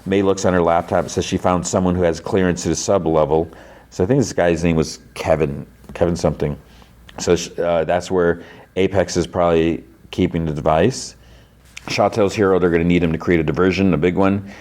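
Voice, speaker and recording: Male podcast host, deep voice, loose rambling plot recap. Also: fairly even intonation, fairly quick, a little mellow. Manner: rambling retelling peppered with "like".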